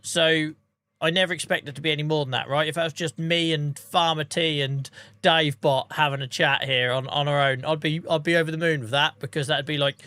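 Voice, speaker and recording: Excitable man streaming live. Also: a little high, no room sound. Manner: chatty, grateful, excitable. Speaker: livestreamer. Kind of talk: live gameplay stream, thanking chat. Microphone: streaming microphone.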